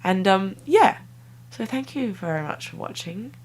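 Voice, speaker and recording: A woman's voice: mid-range voice, animated, measured pace, darkish tone. A young woman, chatting to camera in a rambling, giggly way for her vlog. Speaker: vlogger. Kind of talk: casual vlog chat to camera.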